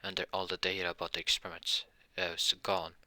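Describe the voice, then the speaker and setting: A man improvising a fan-fiction story out loud, rambling and correcting himself often. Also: low voice, monotone, fast, no room sound. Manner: rambling, frequent self-corrections.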